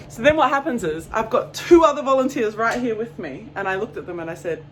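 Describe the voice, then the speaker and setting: Animated New Zealand woman telling a story. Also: fairly high pitch, fairly quick, a little hiss or hum, poor audio. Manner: animated and profane, acting out quotes. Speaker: vlogger. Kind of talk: casual storytelling to camera.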